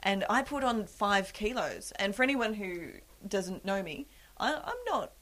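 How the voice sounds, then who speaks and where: A young woman chatting on a podcast, self-deprecating and quick to laugh. Her voice sits at an ordinary middle pitch. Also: animated, fairly bright tone. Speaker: podcast host. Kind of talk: casual chat.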